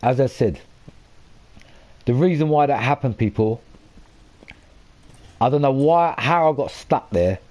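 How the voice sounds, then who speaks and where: A man's voice: mid-range voice, animated, measured pace, long pauses, a little mellow. A young man commenting casually on his gameplay for viewers, swearing often and getting worked up. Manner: swears a lot, talks to his viewers, flares up in frustration. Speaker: live-streaming gamer.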